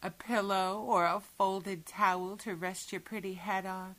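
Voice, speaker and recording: A woman in a whispered role-play, giving soothing, commanding hypnotic instructions and often sinking into breathy whispers. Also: mid-range voice, fairly even intonation, unhurried, fairly bright tone. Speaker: hypnosis audio performer.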